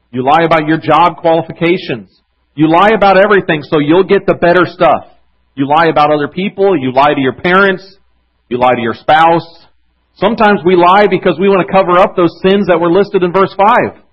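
A man's voice: a little high, husky, dull audio. A man preaching a sermon as a pastor, earnest and conversational, with frequent restarts.

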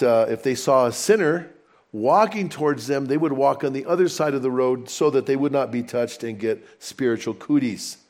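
Man, pastor, sermon, conversational storytelling, animated asides, somewhat high voice.

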